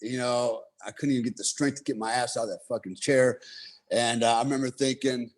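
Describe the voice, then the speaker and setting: A man's voice: mid-range voice, fairly even intonation, moderate pace. A man telling a long story in a casual way, swearing freely and saying "you know" and "right?" often. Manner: profane, laid-back, heavy on "you know" and "right?".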